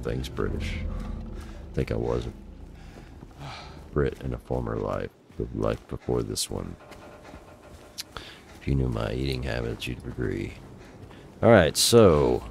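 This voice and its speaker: A man's voice: a bass voice, animated, slow, gravelly, long pauses, slight background noise. A middle-aged man giving exasperated, profane live commentary while playing a game, talking to himself at a desk mic. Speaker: gaming channel host.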